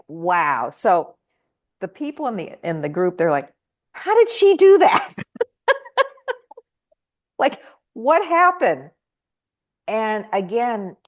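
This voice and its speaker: A woman guest telling stories in conversation, animatedly acting out the voices of the people she quotes. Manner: animated, acts out quoted voices with big jumps in pitch. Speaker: guest speaker and trainer. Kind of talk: conversational storytelling.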